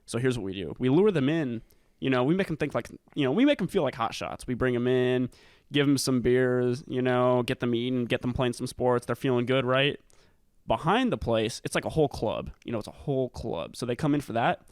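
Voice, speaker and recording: A man's voice: mid-range voice, fairly quick, dry recording, studio quality. A young man co-hosting a podcast in casual, crude banter, rambling and trailing off mid-sentence. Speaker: podcast co-host.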